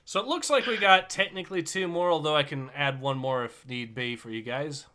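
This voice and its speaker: Bright-voiced man hosting a story stream. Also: a little high, a little fast. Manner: chatty, laughs between lines. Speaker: livestream host reading stories. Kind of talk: casual reading aloud to friends.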